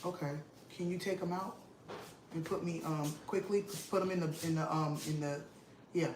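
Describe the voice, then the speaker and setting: A woman vlog host, telling an animated, emphatic story to her viewers and repeating lines for effect, at home in her kitchen. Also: fairly low pitch, normal speed. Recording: roomy echo with faint noise.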